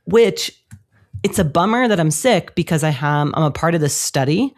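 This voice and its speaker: A woman co-hosting a running podcast, her voice raspy from being sick, chatting casually and poking fun at herself. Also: low-pitched, animated, normal speed. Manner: self-deprecating, laughs easily. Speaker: podcast co-host. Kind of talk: casual chat.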